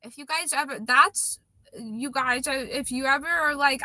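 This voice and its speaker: A woman's voice: high voice, normal speed, bright, forceful tone, dry recording. A woman in her twenties chatting casually on a livestream, reading viewer comments aloud and laughing often. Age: 20s.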